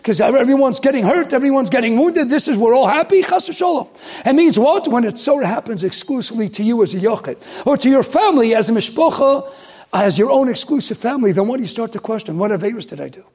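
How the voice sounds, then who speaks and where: A man, a rabbi, giving a sermon, swinging from loud outrage to hushed emphasis. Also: very high voice, animated, quick pace, slightly rough.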